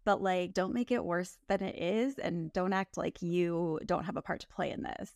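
A woman's voice: lowish voice, normal speed, darkish tone, no echo, studio quality. A young woman co-hosting a casual chat, giving candid, opinionated takes and mimicking the people she discusses. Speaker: podcast co-host.

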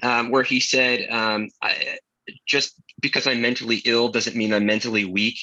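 A man's voice: medium pitch, level tone, normal speed, pushed and bright, no echo, highs cut off. Earnest male musician guest. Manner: earnest, grateful, hesitant with many "um"s. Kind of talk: casual interview chat.

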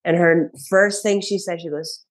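A woman's voice: on the low side, fairly even intonation, moderate pace. A comedian in her thirties, a woman, telling casual stories as a podcast guest, acting out quotes and laughing often. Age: 30s. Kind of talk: casual storytelling chat.

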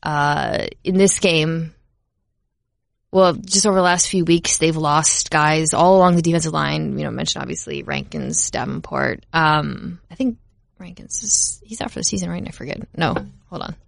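A woman's voice: low voice, lively intonation, moderate pace, gravelly, no echo, studio quality. A woman with a Minnesota accent co-hosting a podcast, chatting casually and chattily about football with self-mocking asides. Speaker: podcast co-host. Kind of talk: casual sports chat.

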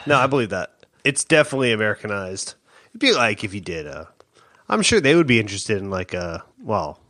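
A man co-hosting a casual movie podcast, dropping deadpan jokes and asides. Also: fairly low pitch, fairly quick, dry recording, studio quality. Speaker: podcast co-host. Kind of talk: casual comedic chat.

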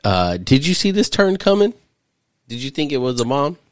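A man's voice: mid-range voice, very animated, moderate pace, dry recording, clean studio sound. A man hosting a podcast, recapping a movie in casual, profane chat and laughing often. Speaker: podcast host. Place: studio.

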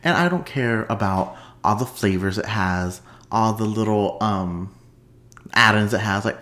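A man's voice: a little slow, a bit bright. Bubbly, chatty man hosting a podcast. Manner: bubbly and chatty, laughs often, big pitch swings for playful asides. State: sleepy at the end of a long day. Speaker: podcast host. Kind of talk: unscripted solo podcast chat.

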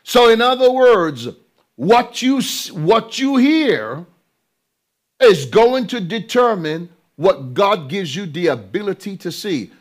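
A preacher with a high, lively voice that leaps up and down as he leans into each phrase. He talks slowly and deliberately, repeating words for weight and asking the crowd questions he then answers himself. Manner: emphatic, drawn-out delivery with rhetorical questions to the audience. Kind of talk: sermon.

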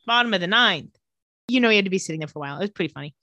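A woman co-hosting a casual podcast recaps a TV episode, telling it with lively energy and acting out characters' lines in quick voices. Her voice is mid-range, with no echo but a lo-fi sound.

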